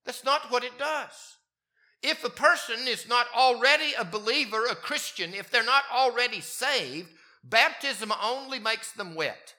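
A man preaching a sermon, his voice moving from quiet, low passages up to emphatic, raised peaks. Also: lively intonation, measured pace. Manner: wide swings in pitch and loudness, rising to emphatic peaks. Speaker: pastor.

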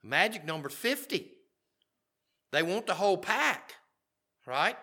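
A man's voice: high voice, big pitch swings, unhurried, sharp tone, husky. A middle-aged man preaching a sermon, reading scripture aloud and commenting on it in a conversational way. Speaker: pastor.

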